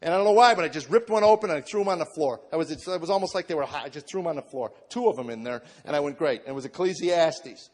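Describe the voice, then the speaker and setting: A middle-aged comedian shares his faith testimony with an audience, speaking fast with hardly any pauses. He often repeats words at the start of sentences and swings from a low, subdued tone to shouted excitement, with a long reverb tail behind him.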